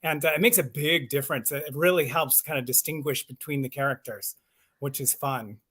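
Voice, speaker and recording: A man's voice: mid-range voice, a little fast, pushed and bright, breathy edge. Upbeat man talking about voice acting. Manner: enthusiastic, explains his craft with self-deprecating laughs. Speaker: voice actor and audiobook narrator. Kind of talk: casual chat on a live stream.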